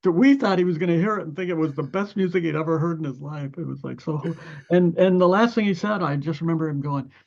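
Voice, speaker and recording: A man's voice: on the high side, fast talker, creaky, lo-fi sound. An older man from Ohio, a musician guest telling long stories full of restarts and fillers, acting out other people's lines as he goes. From Ohio, USA. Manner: rambling anecdotes with many restarts and fillers. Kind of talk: conversational storytelling.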